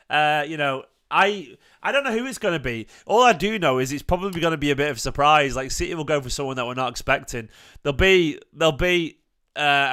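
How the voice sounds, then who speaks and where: A man's voice: on the high side, pushed and bright, smooth. A man hosting a fan channel, chatting casually and opinionatedly about football transfers, rambling with fillers and restarts. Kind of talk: casual livestream football chat.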